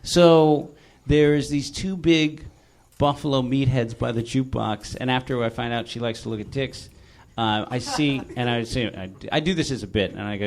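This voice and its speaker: A man hosting a live comedy show, telling a story with an animated delivery that jumps into loud high-pitched shouting. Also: normal speed, hardly any pauses. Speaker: comedian host. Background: audience laughter and noise.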